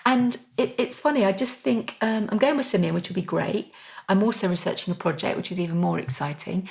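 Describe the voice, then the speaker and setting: A woman's voice: mid-range voice, brisk, gravelly. A middle-aged woman co-hosting a podcast, talking enthusiastically in a casual kitchen-table chat with frequent "um"s. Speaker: podcast co-host.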